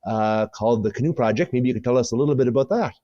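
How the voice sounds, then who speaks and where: A man's voice: medium pitch, racing, mellow, no room sound, muffled recording. A man hosting a podcast, asking his questions in an easygoing, hesitant way with many fillers. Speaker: podcast host. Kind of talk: casual podcast interview.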